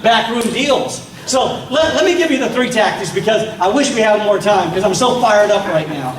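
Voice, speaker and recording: At a meeting hall, a political speaker fires up the crowd with rhetorical questions in a heated speech. His voice is high-pitched and lively, moving at normal speed with hardly any pauses. The recording picks him up from far off in an echoey hall.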